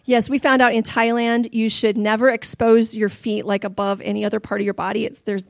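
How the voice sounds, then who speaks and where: High-voiced woman telling a lively testimony. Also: fairly quick, gravelly, no echo. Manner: animated storytelling, laughing and crying through stories. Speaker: preacher. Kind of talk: sermon testimony.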